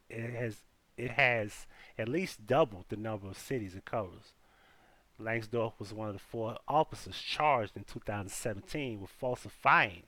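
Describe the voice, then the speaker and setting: A man's voice: on the low side, bright, forceful tone, dry recording. A man hosting a live stream, reading out news and talking loosely to his chat, often repeating himself. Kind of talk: casual news commentary.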